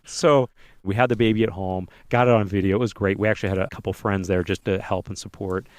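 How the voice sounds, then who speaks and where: A man co-hosting a podcast, telling a lively personal anecdote in a casual way. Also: lowish voice, fast talker, dry recording. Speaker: podcast co-host telling a story. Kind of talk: casual storytelling.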